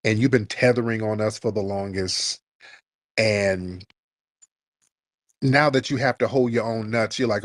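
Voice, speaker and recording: A man's voice: on the low side, steady tone, measured pace, long pauses, no echo. A man hosting a call-in show, ranting in a mocking, heated way at a caller. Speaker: host.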